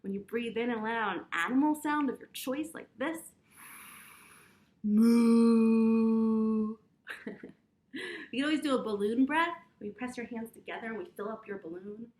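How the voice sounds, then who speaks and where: A young adult woman, a teacher, giving young children a gentle, encouraging lesson with breathing exercises and speaking straight to them. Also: fairly high pitch, expressive, fairly quick. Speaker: preschool teacher.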